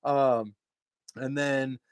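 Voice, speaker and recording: Iowa man, casual stream co-host, mid-pitched, upbeat and rambling, dry close mic. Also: steady tone, extremely slow, clear, resonant tone, no echo. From Iowa, United States. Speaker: podcast co-host. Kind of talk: casual livestream chat.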